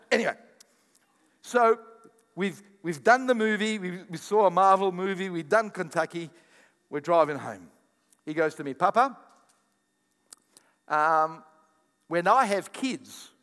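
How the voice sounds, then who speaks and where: Older aussie pastor guy preaching, high-ish voice, lively jokey delivery, big echoey church hall. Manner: animated, jokey preaching with repeated words. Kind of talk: sermon.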